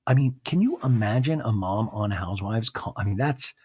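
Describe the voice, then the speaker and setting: A man hosting a podcast, recapping a reality show in an animated, gossipy way. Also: fairly low pitch, normal speed, slightly rough, no room sound, clean studio sound. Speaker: podcast host. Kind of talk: comic TV recap.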